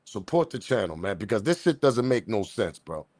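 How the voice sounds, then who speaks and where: A man hosting a live stream, talking in a casual, rambling and slangy way, reacting to a video and shouting out viewers. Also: lowish voice, very animated, normal speed, slight background noise. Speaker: host.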